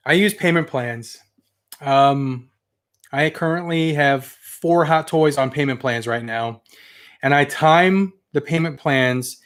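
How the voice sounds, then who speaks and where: A young adult man casually chatting on a toy collecting livestream, rambling and enthusiastic as he reads viewer comments. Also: a little high. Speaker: toy collector channel host.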